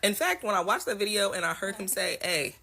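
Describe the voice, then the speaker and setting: Woman with a bright voice, super excited, gushing and laughing as she talks. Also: medium pitch, quick pace. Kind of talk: casual opinion video.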